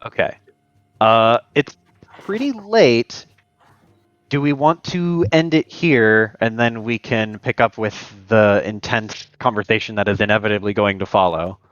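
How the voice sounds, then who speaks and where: Man, low voice, tabletop player, laid-back casual chat, dull lo-fi mic. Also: measured pace, a bit bright, no echo.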